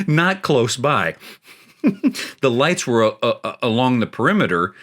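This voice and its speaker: A man's voice: on the low side, fairly bright tone. A man hosting a gaming show, telling a spooky story in a rambling, chuckling way with plenty of restarts. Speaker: show host.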